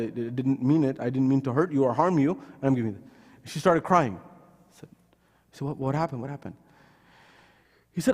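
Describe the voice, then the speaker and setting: A man giving a sermon at a mosque, retelling stories earnestly and acting out the voices of the people in them. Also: darkish tone. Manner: earnest, acts out quoted voices with pitch rises. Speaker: speaker at a mosque gathering. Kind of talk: sermon with storytelling. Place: mosque hall. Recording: long hall reverb.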